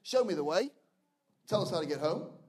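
A brash young Australian man, cocky and chummy, as an older English preacher quotes him in a sermon. The voice stays high for a man and comes across teasing and matey. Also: animated, fairly quick, a little mellow. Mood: retelling.

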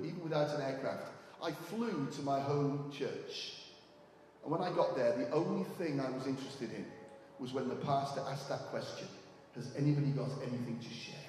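In a church hall, a man who is a visiting preacher alternates between hushed storytelling and raised exhortation as he urges the congregation on. His voice is on the high side, and the echoey recording comes from a distant mic.

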